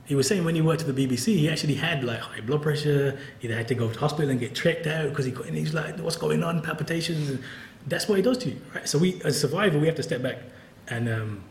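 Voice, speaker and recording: Brief: quick, candid male professor, wry and laughing, roomy hall sound. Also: on the high side, slight background noise. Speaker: professor and author. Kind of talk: conversational talk at a book event.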